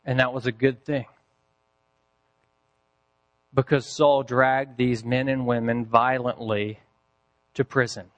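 A man preaching a sermon, telling a story with deliberate pacing and dramatic pauses. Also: mid-range voice, flat delivery. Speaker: pastor.

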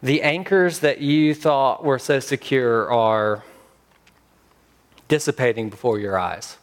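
A man preaching a sermon as pastor, emphatic with dramatic pauses. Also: medium pitch.

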